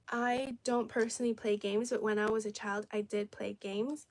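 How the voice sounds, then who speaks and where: A woman's voice: on the high side, little pitch movement, moderate pace, few pauses, dry recording. A young woman from China, a native Cantonese speaker, chatting casually on a livestream and answering viewers' comments. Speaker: livestream host. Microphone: phone or camera on tripod.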